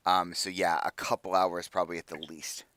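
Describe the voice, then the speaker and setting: A man's voice: low-pitched, level tone, fairly quick, fairly bright tone, no room sound. A man narrating as game master for a tabletop game, casual and full of fillers.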